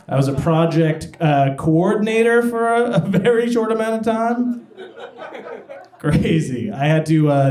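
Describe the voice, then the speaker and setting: A young man performing a self-deprecating stand-up comedy set at a party venue, often laughing at his own jokes. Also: fairly high pitch. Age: young adult. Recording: echoey room with crowd laughter.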